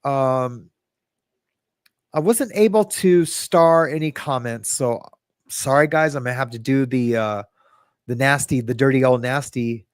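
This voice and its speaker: A man's voice: mid-range voice, measured pace, smooth, no room sound, clean studio sound. A middle-aged man hosting a livestream podcast, chatting casually, reading comments from chat and mocking himself as he rambles. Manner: rambling, self-mocking, reads chat aloud. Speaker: podcast host.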